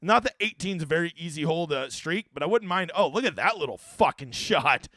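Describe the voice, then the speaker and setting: A man's voice: fairly high pitch, expressive, brisk, sharp tone, no room sound, studio quality. A man hosting a live stream on fantasy golf, joking and swearing as he reads viewer questions. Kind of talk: casual live-stream chat.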